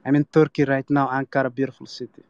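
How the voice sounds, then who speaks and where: A man's voice: mid-range voice, level tone, fast, a little mellow, smooth, no echo. Guy from eastern europe calling in, hesitant, lots of ums, muffled lo-fi line. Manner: hesitant, with many fillers. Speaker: caller. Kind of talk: casual call-in chat. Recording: dull lo-fi phone line.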